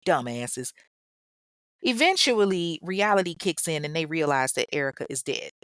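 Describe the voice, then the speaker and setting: A woman's voice: fairly low pitch, animated, fairly quick, a bit bright, no room sound. A woman hosting a podcast, telling a true-crime story in a casual, blunt way, swearing and mocking the people in it. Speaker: podcast host.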